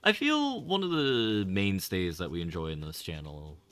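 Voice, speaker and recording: A man with a deep, fairly bright voice talks at a normal pace in a sing-song way. He's casually commenting on a game he's livestreaming, rambling along with wry, sarcastic asides and some casual swearing.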